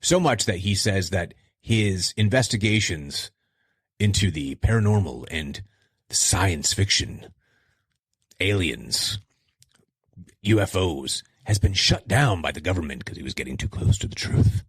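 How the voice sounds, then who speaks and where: Middle-aged male podcast host, low husky voice, lively and self-mocking, dry close mic. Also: a little slow, no echo. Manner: animated, self-deprecating, jumps in pitch for emphasis. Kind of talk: casual solo podcast talk.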